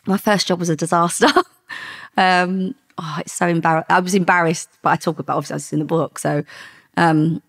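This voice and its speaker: Low, gravelly woman. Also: fairly even intonation, a little fast. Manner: chatty, frequent ums and self-corrections. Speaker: guest, former undercover police officer. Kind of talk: casual storytelling interview.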